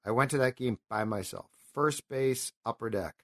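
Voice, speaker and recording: A man in his fifties hosts sports talk radio at a middle pitch, and his talk rambles from one story to the next. He grows impassioned and emotional as he goes. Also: moderate pace, a bit bright. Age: 50s.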